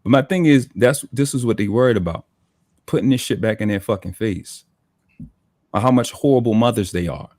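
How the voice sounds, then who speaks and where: Guesting on a livestream talk, a Baltimore man with kids rants with heavy profanity in his local accent. His mid-range voice is a little fast and darkish, recorded clean in a studio with no echo.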